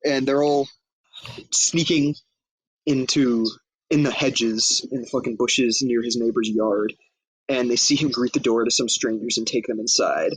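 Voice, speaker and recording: Husky-voiced man recapping a movie. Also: medium pitch, steady tone, a little slow, rough recording. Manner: loose, profane storytelling with acted-out quotes. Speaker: podcast co-host. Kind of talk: casual movie recap chat.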